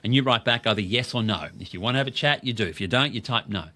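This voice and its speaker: A man's voice: medium pitch, fast talker, pushed and bright. A middle-aged Australian man co-hosting a podcast, talking casually and with enthusiasm, asking himself questions and answering them. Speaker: podcast co-host. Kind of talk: casual business talk.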